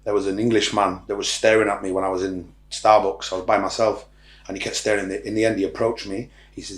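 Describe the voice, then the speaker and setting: A man's voice: fairly low pitch, flat delivery, fast talker. Blunt, swearing man in a roomy room. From Ireland. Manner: blunt, swears freely, rambling. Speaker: podcast guest, social media influencer. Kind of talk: casual interview talk. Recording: roomy echo.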